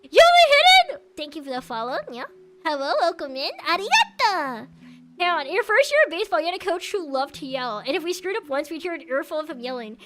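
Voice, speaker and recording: A young woman streaming and chatting casually with viewers, animated, often yelling and laughing. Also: sits high, fast, slight background noise.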